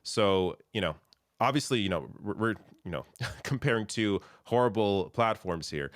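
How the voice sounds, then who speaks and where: A man hosting a political discussion, opinionated and filling pauses with "you know". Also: lowish voice, expressive, no echo, studio quality. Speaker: host.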